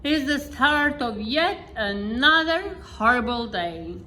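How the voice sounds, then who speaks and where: A woman's voice: fairly high pitch, lively intonation, slow pace, pushed and bright, full character voice. A woman voicing a grumpy complaining man who keeps being turned into a pig, in a scornful, grumbling manner.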